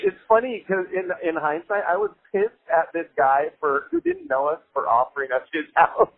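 Male storyteller, casual and animated, swears easily; very expressive pitch, phone-thin sound. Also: moderate pace, dry recording. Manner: animated, laughs while telling, swears freely. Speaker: musician telling a story. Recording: tinny phone-like sound with faint music.

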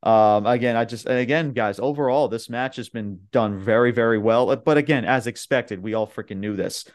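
A man's voice: medium pitch, moderate pace. A young man hosting a podcast, recapping wrestling matches in a rambling, casual way with lots of fillers and swearing. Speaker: podcast host.

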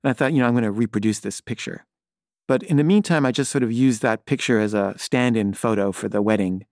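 A man's voice: mid-range voice, fast talker, a little mellow, no room sound, studio quality. Wry, rambling man telling a story. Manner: rambling, hesitant, wry, many fillers and restarts. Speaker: filmmaker telling a personal story. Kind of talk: first-person storytelling.

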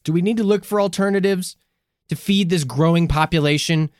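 A man co-hosting a podcast in casual chat, blunt and animated, swearing freely. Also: high-pitched, fairly quick, no echo, studio quality. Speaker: podcast co-host.

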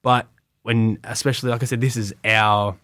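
A man's voice: mid-range voice, little pitch movement, moderate pace, a bit bright, dry recording, clean studio sound. A man with an Australian accent, telling his story as an interview guest in a rambling way, full of "like.". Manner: rambling, many "like" fillers. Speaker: guest, wrestling tryout athlete.

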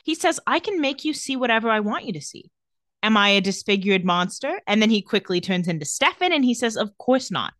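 A young woman with a fairly high, very animated voice that leaps around as she recaps TV scenes. She slips into playful voices to act out each character's lines. The sound is dry and close, with no room around it. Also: fairly quick, dry recording. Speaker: podcast co-host recapping a TV episode. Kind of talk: casual chat.

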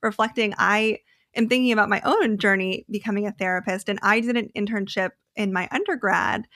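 A woman therapist co-hosting a podcast, chatting loosely with lots of fillers and voicing excited realizations. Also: mid-range voice, a little fast, no echo, clean studio sound. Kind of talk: casual podcast conversation.

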